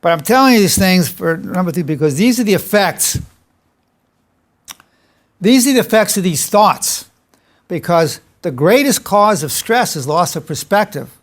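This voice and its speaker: Speaking at a moderate pace, this older man has a high, animated voice. He's a psychologist delivering a casual lecture, spinning personal stories in a talkative way that shows he finds them funny himself.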